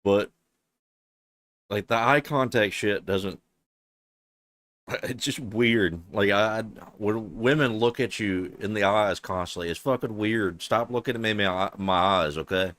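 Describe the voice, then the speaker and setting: A man streaming, reacting to a clip with sarcastic, profane, flatly delivered commentary. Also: lowish voice, measured pace, dry recording. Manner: flat deadpan delivery.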